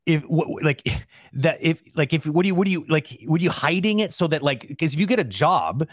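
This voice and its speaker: A man talks fast and emphatically into a close, dry mic, co-hosting a casual advice show. He keeps asking rhetorical questions as he encourages listeners. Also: a little high, lively intonation, no echo. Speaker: co-host of an animation Q&A show.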